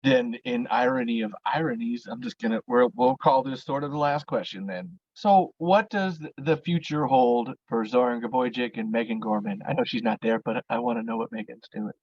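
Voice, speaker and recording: A podcast host asking quick, friendly questions in a casual interview. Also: medium pitch, lively intonation, darkish tone, dry recording. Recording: dull dry remote audio.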